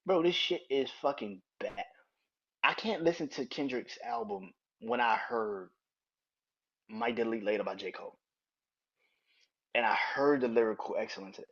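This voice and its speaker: A man of middle pitch hosts a casual podcast, speaking bluntly and with plenty of profanity. His delivery keeps tipping over into loud, incredulous ranting. The recording sounds a little dull and lo-fi. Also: moderate pace, long pauses. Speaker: podcast host.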